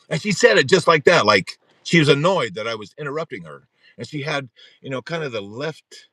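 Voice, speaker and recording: A middle-aged man hosting a support group livestream, telling a story in a rambling, animated way and often restarting his sentences. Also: on the high side, no room sound.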